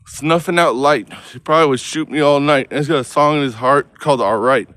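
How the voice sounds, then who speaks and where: A man's voice: fairly high pitch, fairly quick, fairly bright tone. A man on a street, rambling in a profane, stream-of-consciousness monologue that jumps from topic to topic. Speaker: vlogger. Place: outdoors on a street.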